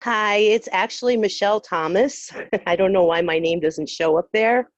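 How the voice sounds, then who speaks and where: A middle-aged woman on a group call sharing a personal story, earnest and emotional, halting with fillers. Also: medium pitch, no echo, highs cut off. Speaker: call participant. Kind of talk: personal testimony.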